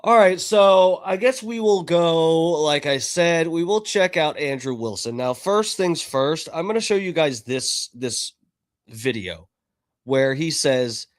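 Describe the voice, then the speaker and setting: Taking things slowly, a livestream host with a voice on the high side sounds animated. He swears freely while chatting casually with his viewers.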